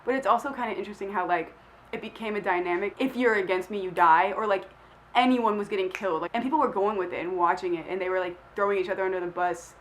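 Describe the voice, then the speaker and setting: A woman's voice: mid-range voice, fast, low-quality recording. A young woman vlogger talks through a list of questions in a loose, rambling way, filling her sentences with "like" and laughing at herself. She sounds a little sick, and a faint hum of the room sits behind her voice. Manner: rambling, self-deprecating, lots of "like" fillers. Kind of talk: casual chat.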